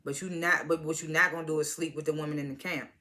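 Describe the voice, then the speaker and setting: Casual TV recap, bright voice, retells scenes as quoted dialogue, swears freely, chuckles. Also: mid-range voice, fairly even intonation, quick pace. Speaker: TV episode reviewer.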